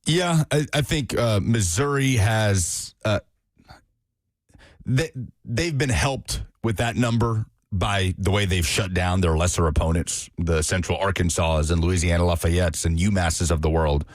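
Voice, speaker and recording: A man's voice: low voice, a little slow, dry recording, clean studio sound. A man co-hosting a sports radio show, breaking down a game in casual talk with frequent fillers. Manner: analytical, hedging with fillers.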